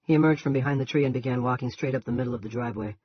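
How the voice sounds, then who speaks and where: A man reading a novel aloud in a steady, plain narration. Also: medium pitch, very fast, slightly rough, dry recording. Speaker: audiobook reader. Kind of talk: audiobook narration. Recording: dull lo-fi.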